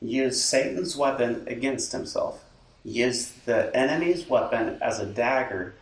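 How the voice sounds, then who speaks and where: Pastor talking in a roomy space. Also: male voice, mid-range voice, unhurried. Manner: lively, acts out quoted inner talk, laughs often. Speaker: lead pastor. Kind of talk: casual chat. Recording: roomy sound from a distant mic.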